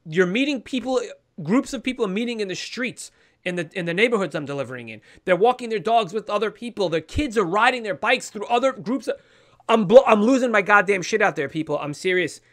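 A man's voice: sits high, expressive, a little fast, a bit bright. A man co-hosting a podcast, ranting heatedly with lots of swearing and pleading with listeners. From New York. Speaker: podcast co-host. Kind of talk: casual podcast rant.

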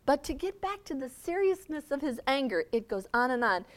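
A middle-aged woman giving a faith seminar talk, conversational and quick to laugh, often checking in with "okay?". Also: sits high, sing-song. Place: seminar room.

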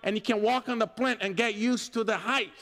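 A man's voice: high-pitched, brisk, big-room sound. A man quoting a polite, patient attendant. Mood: calm. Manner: calm, courteous, matter-of-fact.

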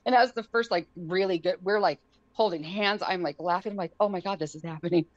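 A woman telling a story on a podcast in a casual way, acting out the quotes in a high, excited voice. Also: fast talker, no echo, lo-fi sound. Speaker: guest.

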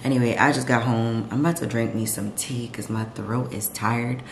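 Very low-voiced, sassy woman vlogging. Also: steady tone, normal speed, background noise. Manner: chatty and sassy, full of slang. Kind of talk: casual late-night vlog chat. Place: at home. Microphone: camera set up nearby. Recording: echoey room with music behind.

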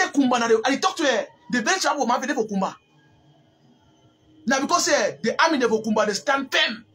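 A man from Cameroon speaking with a Cameroonian Pidgin accent on a live stream, giving emphatic, repetitive commentary that rises toward near shouts. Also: very high-pitched, breathy edge. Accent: Cameroonian Pidgin English.

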